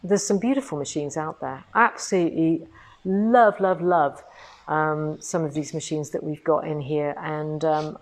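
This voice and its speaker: A woman's voice: deep voice, gravelly, darkish tone. A woman hosting a casual live stream from an indoor showroom, chatty and bubbly, laughing often. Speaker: host.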